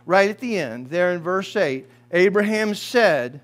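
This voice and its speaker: A man's voice: high-pitched, lively intonation, a little slow, hardly any pauses, a bit bright. A man preaching a sermon as pastor, calling on his congregation and crying out quoted lines at full voice. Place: church sanctuary.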